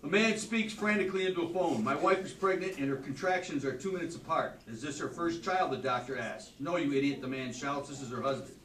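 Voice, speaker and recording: A man's voice: a little high, brisk, hardly any pauses, a bit bright, slight background noise. A man teaching a class, reading doctor jokes aloud in a dry, matter-of-fact delivery. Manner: dry joke delivery, flares up scolding students. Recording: echoey classroom from far off.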